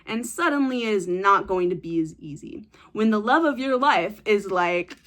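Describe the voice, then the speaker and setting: A woman's voice: medium pitch, lively intonation, moderate pace, few pauses, fairly bright tone. A young woman vlogging casual advice to camera, blunt and teasing, swearing freely and retelling stories with dramatic flair.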